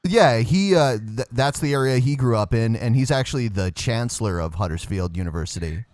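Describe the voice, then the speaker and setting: A man's voice: medium pitch, expressive, fairly quick, a little mellow, no room sound. A man co-hosting a podcast, chatting casually and teasing the caller. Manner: joking, teasing. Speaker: podcast co-host.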